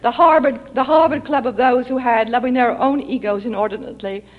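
A woman reads her own short story aloud at a public reading, with measured, expressive phrasing. Her voice sits somewhat high. The recording is dull and lo-fi, like old archival tape.

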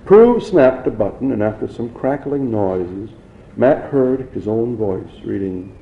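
A man's voice: fairly low pitch, animated, unhurried, creaky, roomy sound, highs cut off. A man reading a novel aloud, unpolished, with some restarts. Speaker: reader.

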